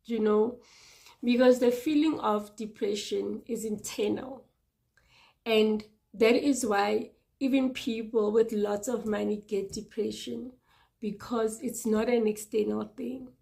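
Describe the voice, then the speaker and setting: A woman in her thirties sharing a personal testimony in an earnest, halting way, with restarts and repeated words for emphasis. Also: on the high side, fairly even intonation, gravelly, mellow. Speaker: vlogger sharing personal experience.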